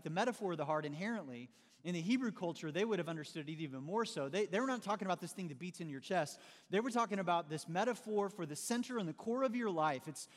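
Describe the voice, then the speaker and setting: A middle-aged man preaching a sermon in a loose, conversational way, often addressing listeners as "man" and acting out everyday excuses. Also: high-pitched. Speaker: pastor. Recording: long hall reverb.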